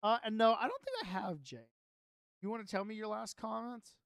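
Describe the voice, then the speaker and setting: A young male streamer with a fairly high voice rambles casually to his chat, stopping often to read his own notes aloud. The sound is dry and close, with little room around it. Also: fairly quick, gravelly, dry recording. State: sleepy, yawning. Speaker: Minecraft streamer.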